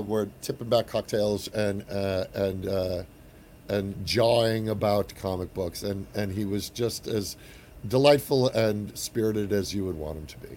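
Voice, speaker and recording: A man in his forties, an actor telling an anecdote in casual chat, animated with frequent restarts. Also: lowish voice, a little hiss or hum. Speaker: actor and guest.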